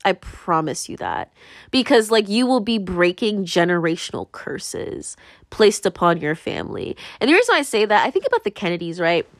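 A woman's voice: mid-range voice, big pitch swings, moderate pace, no echo, studio quality. A young woman talking casually to camera in a rambling monologue, full of fillers, restarts and sudden swings.

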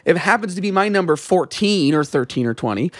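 A man's voice: high-pitched, animated, fast talker, dry recording, studio quality. A man co-hosting a horror movie podcast in casual chat, rambling and swearing freely. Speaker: podcast co-host.

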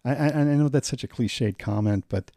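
A man's voice: mid-range voice, normal speed, mellow, no echo, clean studio sound. A man co-hosting a podcast, chatting casually in an agreeable, rambling, supportive way. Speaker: podcast co-host.

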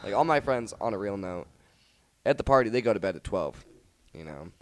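A man's voice: on the low side, brisk, no room sound. Profane young man telling wild stories. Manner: profane, animated storytelling with acted quotes. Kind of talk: casual storytelling chat.

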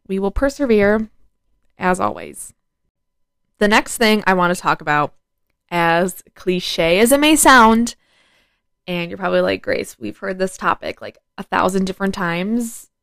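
A woman's voice: medium pitch, smooth, no echo. A teenage girl hosting a casual solo podcast, talking frankly and saying "like" and "I don't know" a lot. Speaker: podcast host.

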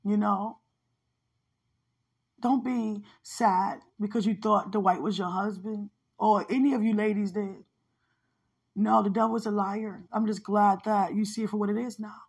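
A woman's voice: mid-range voice, fairly even intonation, measured pace, slightly rough. A woman minister sharing a personal spiritual testimony in a heartfelt, conversational way, often repeating phrases for emphasis.

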